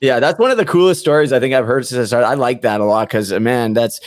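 A man's voice: medium pitch, fast, crowd noise. A man hosting a podcast in casual chat, enthusiastic and casually swearing. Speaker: podcast host.

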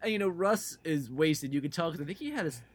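A podcast co-host in casual comedic chat who is animated and laughs often. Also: medium pitch, fast, husky.

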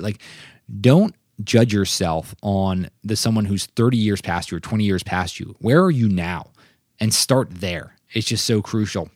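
Here a young solo podcast host talks with sincerity in a fairly low voice, frequently tossing in "right?" and "like." The audio is clean studio sound without room sound.

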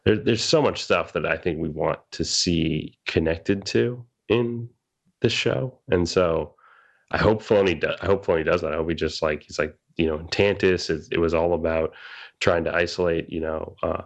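Low gravelly man chatting casually. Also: normal speed. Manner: rambling, hesitant, many fillers. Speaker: podcast co-host. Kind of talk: casual chat.

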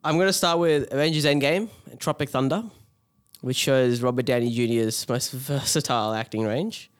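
A man's voice: mid-range voice, normal speed, clear, resonant tone, no room sound, studio quality. A man on a casual podcast, chatting and laughing as he plays a movie quiz. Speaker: podcast co-host, game player. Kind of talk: casual banter.

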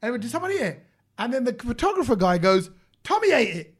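Man in his 40s or 50s, brisk high-voiced storyteller co-hosting a podcast. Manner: animated storyteller, rises high when excited. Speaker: podcast co-host. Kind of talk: casual storytelling chat.

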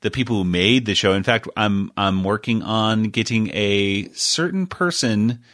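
A man's voice: lowish voice, unhurried, fairly bright tone, dry recording, studio quality. A man hosting a podcast in casual chat, rambling, often laughing and breaking off mid-sentence. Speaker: podcast host.

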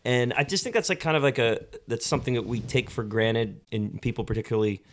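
A man's voice: mid-range voice, fast, slight background noise. A man co-hosting a casual movie podcast, thinking aloud in long, rambling turns. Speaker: podcast co-host.

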